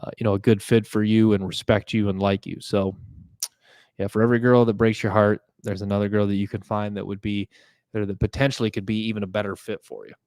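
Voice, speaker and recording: A man's voice: on the low side, flat delivery, fast talker, a little mellow, no room sound. A young man hosting a podcast, talking in a casual, rambling monologue full of fillers and restarts. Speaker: podcast host.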